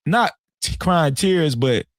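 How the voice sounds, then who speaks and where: A man telling a story casually on a live stream, animated and profane, often repeating himself. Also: on the high side, takes it slowly, dry recording, studio quality.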